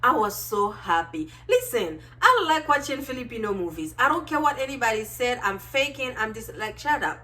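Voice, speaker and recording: Bubbly young woman gushing about a movie. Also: fairly high pitch. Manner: gushing, animated, many fillers and exclamations. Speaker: vlogger reviewing a movie. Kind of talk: excited casual movie review.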